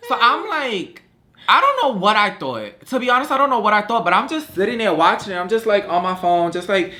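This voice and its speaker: Lively young man telling a story. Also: high voice, moderate pace. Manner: animated storytelling, acting out quotes, slangy and profane. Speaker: vlogger host. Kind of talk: casual storytime chat.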